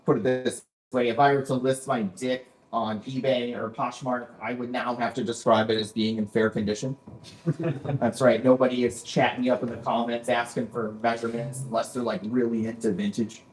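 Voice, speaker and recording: A man's voice: mid-range voice, level tone, normal speed, a little hiss or hum. A man in his forties doing a dry stand-up set, often repeating "that's right" after a punchline. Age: 40s. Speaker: stand-up comedian. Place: basement comedy club. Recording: echoey club room.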